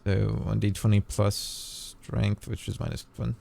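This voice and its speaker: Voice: low-pitched, flat delivery, measured pace, vocal fry, mellow. A player in a tabletop game calling out dice rolls and checking the rules hesitantly.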